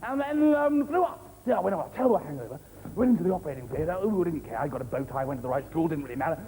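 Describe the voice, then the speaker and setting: A man's voice: fairly high pitch, lively intonation, very fast, mellow, voice pushed down. A man playing a careless, boastful upper-class surgeon who brags and giggles. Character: reckless upper-class male party-boy surgeon. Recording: noisy old TV tape.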